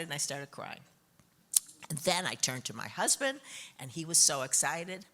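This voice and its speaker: Older woman, bright lively voice, warm funny storyteller, laughs a lot as she talks. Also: sits low, normal speed. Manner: expressive storytelling with frequent laughter. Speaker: honored guest interviewee. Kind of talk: animated anecdote on stage.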